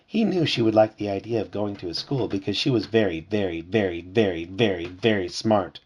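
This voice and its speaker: A man reading a storybook aloud to his child at home, lively and putting on character voices. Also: fairly low pitch, fairly quick, breathy edge, lo-fi sound.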